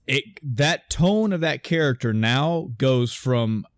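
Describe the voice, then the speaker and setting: A man's voice: mid-range voice, animated, slow, hardly any pauses, no room sound. A man hosting a podcast in casual chat, rambling and restarting, often acting out movie lines. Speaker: podcast host.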